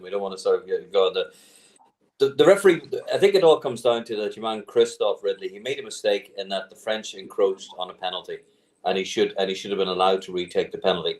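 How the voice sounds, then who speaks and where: Low-voiced man, rambling. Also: a little mellow, low-quality recording. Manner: rambling, opinionated explaining. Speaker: panel guest. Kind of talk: casual chat. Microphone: video call.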